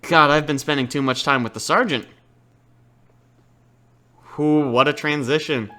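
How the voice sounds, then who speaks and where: A man's voice: fairly high pitch, measured pace, sharp tone. A man giving casual, sarcastic commentary over a game, rambling and swearing freely. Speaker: let's play host.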